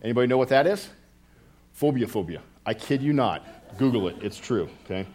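Middle-aged pastor, rambling and joking. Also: male voice, medium pitch, expressive, fairly quick, a little mellow. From United States. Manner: rambling, self-interrupting, with joking asides to the congregation. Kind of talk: casual conversational sermon.

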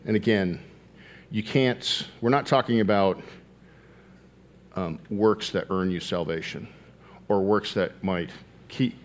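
A man preaching a sermon, earnest, slowing down to stress key phrases and rising in pitch as he tells a story.

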